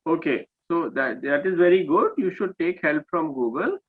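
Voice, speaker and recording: A man with an Indian English accent teaches an online class, patiently correcting students' speech and often checking in with "okay?". His voice is on the high side, expressive and husky, at a moderate pace. The audio comes through a video call and sounds dull and lo-fi.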